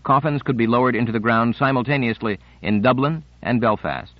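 A man giving scripted audiobook narration in a measured, unhurried reading. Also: mid-range voice, no room sound. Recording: dry, slightly muffled studio recording.

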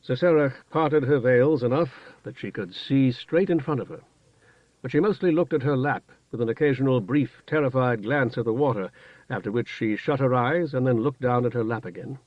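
A man narrating a fantasy novel in a measured, even storytelling manner. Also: medium pitch, no echo. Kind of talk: audiobook narration. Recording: dull, dry studio recording.

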